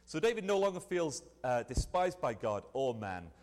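A man preaching a sermon in a lively, conversational way, often restarting his phrases. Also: medium pitch, normal speed. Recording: long hall reverb.

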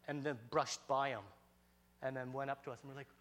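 A man telling a personal story in an animated, excitable way, with frequent restarts. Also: medium pitch, a little fast.

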